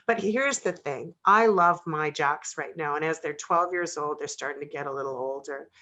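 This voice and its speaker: A woman's voice: low voice, normal speed, sharp tone. A woman hosting a radio interview, talking sincerely about her own dogs. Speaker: radio host.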